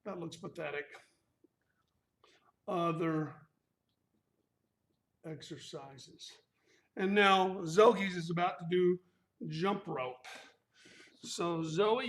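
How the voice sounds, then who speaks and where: A man with a high, expressive, slightly bright voice speaks slowly and pauses often as a martial arts instructor leading a live workout class. In an echoey studio, he counts reps aloud and makes playful, corny puns.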